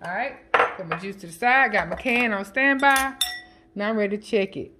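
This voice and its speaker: A woman's voice: medium pitch, lively intonation, normal speed, background noise. Woman, home cooking vlog, casual chatty talk, counts aloud, home kitchen, clattering dishes behind. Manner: chatty, counts seasoning shakes aloud, jokes with family off camera.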